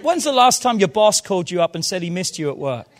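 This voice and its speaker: A man preaching a sermon in a church service, moving fervently from quiet low asides to loud shouted calls. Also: sing-song, fast talker, a faint crowd. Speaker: pastor.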